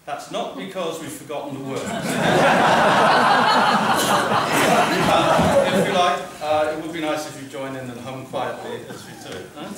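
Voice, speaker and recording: A man's voice: a little high, steady tone, fairly quick, hardly any pauses, heavy background noise. Chatty man on a very echoey concert stage. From Wales. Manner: chatty, jokey, rambling. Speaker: folk singer introducing a song. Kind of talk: joking onstage introduction. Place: live concert venue. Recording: echoey hall, far from the mic, live music.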